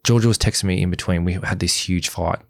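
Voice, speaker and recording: A young man with a very low, gravelly voice recounts his story on a podcast, talking fast and slipping into the voices of the people he quotes. The sound is close and dry, with no room around it. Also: no room sound. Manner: fast, animated retelling, acts out quoted exchanges. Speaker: podcast guest, former reality show groom. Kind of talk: candid storytelling interview.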